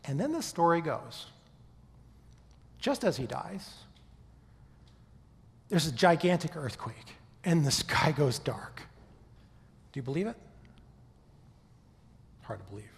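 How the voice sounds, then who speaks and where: A man's voice: fairly high pitch, big pitch swings, slow pace, creaky, long pauses, long reverb tail. A man giving a talk to an audience in a conversational teaching manner, often checking in with his listeners. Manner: conversational lecturer, often checks in with "okay?" and "right?". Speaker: speaker giving a talk on faith and history. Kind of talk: presentation to a live audience.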